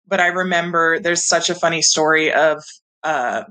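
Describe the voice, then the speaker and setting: A woman's voice: sits low, normal speed, low-quality recording. A woman from California, a guest in her thirties, telling stories in a casual interview with many "um"s and "like"s. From San Diego, California. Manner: animated, chatty, many fillers like "um" and "like". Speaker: guest, professional volleyball player.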